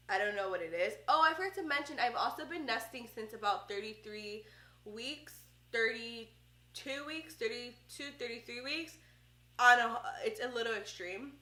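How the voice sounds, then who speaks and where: A woman's voice: on the high side, pushed and bright. A young woman vlogging to the camera about her first pregnancy in a chatty, heartfelt way, with lots of fillers. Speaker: vlogger, first-time mom. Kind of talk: casual chat to camera. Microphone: camera close up. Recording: roomy echo.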